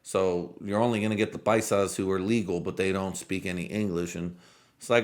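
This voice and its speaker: A man's voice: low-pitched, steady tone, brisk. A man telling a rambling, profane story in a casual vlog monologue, a native Spanish speaker talking in English. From Mexican-American family. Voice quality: profane, rambling, laid-back. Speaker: vlogger.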